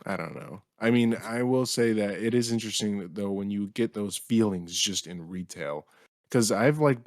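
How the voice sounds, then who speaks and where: Young man, low voice, laid-back, slangy, anecdotal, dry close sound. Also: normal speed, a little mellow, no echo. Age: young adult. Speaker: podcast co-host. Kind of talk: casual comedic chat, storytelling.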